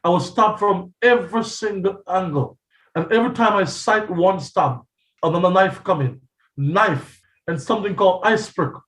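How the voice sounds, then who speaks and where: A man's voice: high voice, moderate pace, fairly bright tone. A man preaching a testimony sermon as a pastor, telling his story dramatically and acting out the voices he quotes. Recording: echoey, from a distance.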